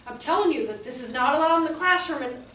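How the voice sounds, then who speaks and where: A high-pitched woman gives a lively workshop to a room of teachers and keeps breaking into acted-out voices and shouts. Her voice carries a roomy echo and is picked up from a distance. A faint hiss sits underneath. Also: fast. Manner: animated, acts out voices and exclamations. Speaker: early childhood trainer. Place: room with a live audience.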